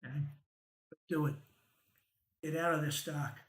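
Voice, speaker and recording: Man, stock show host, higher-pitched voice, casual chart talk, lots of "right?", roomy echo. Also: measured pace, fairly bright tone. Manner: conversational, frequent "right?" and "okay?" check-ins, wry chuckles.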